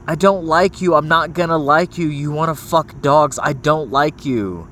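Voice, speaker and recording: A man's voice: on the high side, fairly bright tone, a little hiss or hum. A young man in a rambling, profane voice message, scolding someone and stammering as he restarts his sentences. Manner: stammers and restarts when heated. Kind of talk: ranting voice message.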